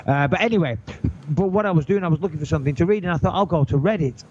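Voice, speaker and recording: A man co-hosting a podcast, telling an animated, indignant story in casual chat. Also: fairly high pitch, racing. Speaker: podcast co-host. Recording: dull lo-fi podcast audio.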